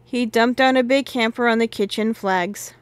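A woman reading a classic children's novel aloud in steady, measured storybook narration on a close mic. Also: a little high, clean tone, no room sound. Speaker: audiobook reader.

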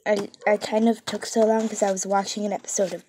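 A woman's voice: mid-range voice, flat delivery, fast talker, a little mellow, a little hiss or hum. A woman chatting casually from her bedroom as she shows off her toy collection, bubbly and rambling, with whispered asides. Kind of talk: casual chat.

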